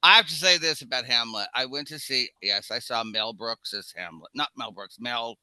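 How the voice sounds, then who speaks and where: A man in his seventies, co-hosting a casual film podcast and telling animated anecdotes. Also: mid-range voice, moderate pace, no echo, rough recording. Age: 70s. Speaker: podcast co-host.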